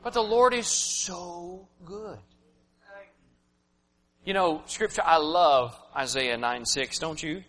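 Bright-voiced man preaching in a big hall. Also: a little high, takes it slowly, pauses often. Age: 30s. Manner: emotional, swings from loud to hushed. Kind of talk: sermon. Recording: reverberant hall, faint hum.

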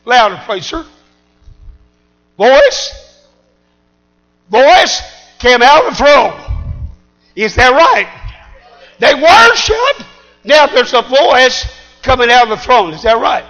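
A man preaching a sermon, shouting in call-and-response style. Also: very high-pitched, expressive, a little slow, faint music behind, poor audio.

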